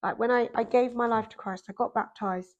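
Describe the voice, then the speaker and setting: A woman with a fairly high voice tells her own story as a podcast guest. She speaks animated and emphatic, and she acts out the voices she quotes. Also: brisk, muffled recording. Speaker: podcast guest, dancer and author. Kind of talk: personal storytelling in conversation.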